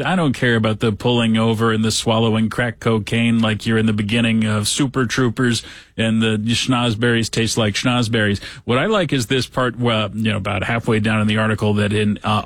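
A man's voice: mid-range voice, no room sound. A man hosting a talk show, reading out news stories with sarcastic, wisecracking asides. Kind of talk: comedic news commentary.

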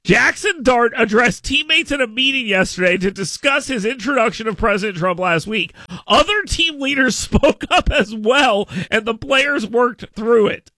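A male radio show host in casual talk radio banter, animated and rambling, often restarting words and stammering. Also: very high voice, normal speed, no room sound, studio quality.

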